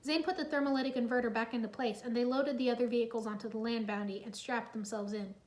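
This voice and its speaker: A woman narrating a children's adventure story in a lively, expressive read-aloud. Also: fairly high pitch, fast talker.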